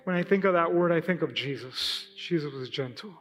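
High-pitched guy preaching casual sunday sermon, lots of acted-out bits, big reverby church hall with faint music. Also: brisk, a bit bright. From Hispanic heritage, Spanish speaker. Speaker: pastor.

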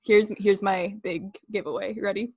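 A woman's voice: medium pitch, fairly even intonation, normal speed, a little mellow, dry recording, clean studio sound. A young woman chatting casually and gushing with giggles while playing an impression game. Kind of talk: casual chat.

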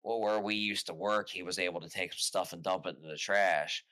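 A man telling stories as a podcast guest in casual chat, rambling and animated, restarting often. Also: low voice, brisk, no echo.

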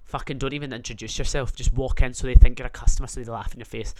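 Guy ranting, swears a lot, rambly and joking, mid pitch voice. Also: steady tone, quick pace, darkish tone. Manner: profane, rambling, jokey. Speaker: streamer. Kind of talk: comedic rant.

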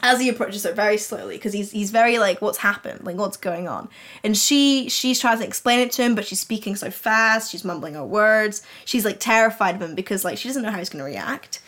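Woman podcast co-host, medium pitch, chatty and giggly, loose storytelling with lots of "like" and restarts. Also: brisk, hardly any pauses, a bit bright. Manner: rambling, many fillers and restarts, giggly. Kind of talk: casual chat, retelling a fan story.

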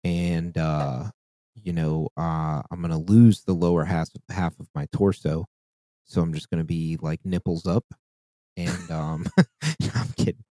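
Man, casual podcast chat, rambling, heavy swearing, lowish voice, dry close mic. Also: steady tone, measured pace, mellow, no room sound. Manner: profane, rambling, restarts often. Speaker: podcast co-host.

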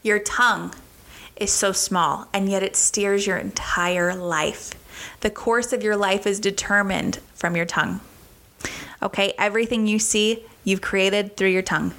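A woman's voice: medium pitch, fairly even intonation, measured pace, fairly bright tone. A young woman from the United States giving earnest, casual faith teaching, repeating phrases for emphasis. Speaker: Christian teacher.

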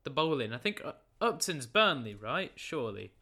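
A man's voice: mid-range voice, sing-song, moderate pace, pushed and bright. A teenage young man casually recapping football results at his computer, chatty and joking, often stumbling over names and self-correcting. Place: room at a computer.

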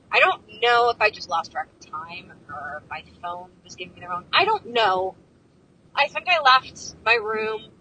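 A woman's voice: medium pitch, sharp tone, low-quality recording. A young woman telling a story while driving, rambling and exasperated, with lots of fillers and swearing. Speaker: vlogger. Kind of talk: casual storytelling vlog. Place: inside a moving car. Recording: faint car engine noise. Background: faint road and vehicle noise.

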